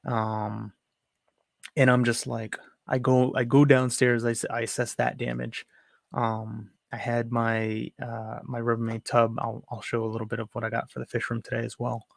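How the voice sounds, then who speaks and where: Gravelly young dad, rambling vlog story. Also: male voice, mid-range voice, monotone, normal speed, dry recording, clean studio sound. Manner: rambling, restarts, frustrated retelling. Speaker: aquarium hobby vlogger. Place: home room.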